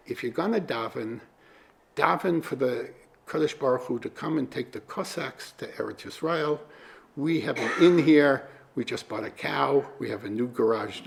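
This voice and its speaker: A man's voice: medium pitch, vocal fry. A man voicing a fretful middle-aged innkeeper in a told story, pleading and anxious.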